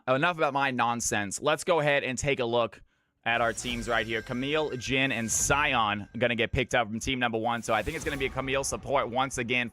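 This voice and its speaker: A man shoutcasting a live esports match as host, hyping up the game and greeting viewers in chat by name. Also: medium pitch. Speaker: streamer and shoutcaster.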